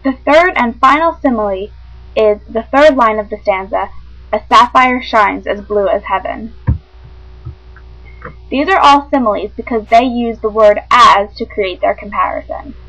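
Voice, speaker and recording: A woman with a fairly high voice reads out a literature lesson. Her delivery is measured and clear, like a classroom explanation, and she stumbles over a word now and then. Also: fairly bright tone, low-quality recording. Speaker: teacher. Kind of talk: reading a lesson script aloud.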